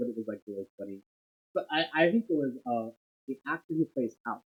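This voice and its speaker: A man co-hosting a casual podcast chat, excitable and animated as he tells stories. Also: mid-range voice, quick pace, slightly rough, narrow, tinny audio. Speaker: podcast co-host.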